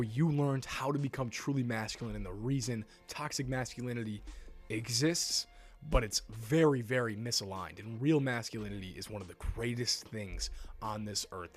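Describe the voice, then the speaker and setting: A young man speaks in a blunt, assertive lecturing tone, laying out self-help advice as if straight to camera. His voice sits at an ordinary middle pitch. A light music bed plays softly beneath him. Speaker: self-help video host. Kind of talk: scripted advice monologue to camera. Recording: faint background music.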